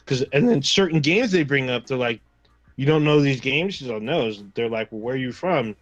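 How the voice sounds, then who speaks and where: Relaxed rambling man, dry sound. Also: mid-range voice, normal speed, no room sound. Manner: relaxed, rambling, drops into quoted reactions. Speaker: podcast co-host. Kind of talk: casual livestream chat.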